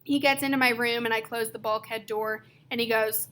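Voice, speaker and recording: A woman reading a novel aloud, telling the story with lively, varied emphasis. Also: fairly high pitch, fairly quick, hardly any pauses, a little hiss or hum. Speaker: reader.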